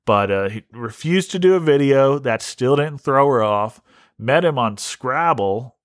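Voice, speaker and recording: A man's voice: medium pitch, expressive, unhurried, dry recording, clean studio sound. A man hosting a comedy podcast, ranting in a rambling, profane way with many restarts. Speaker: podcast host. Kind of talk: casual comedic rant.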